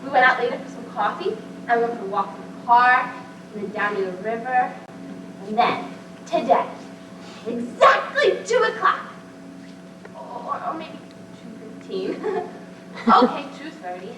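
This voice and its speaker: A woman's voice: a little high, expressive, moderate pace, long pauses, background noise, lightly acted. A woman playing a childlike, nervous grown aunt who giggles and tears up, in an amateur stage play recorded from far off on an echoey stage. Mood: giddy nervous. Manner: tearful, giggly, eager.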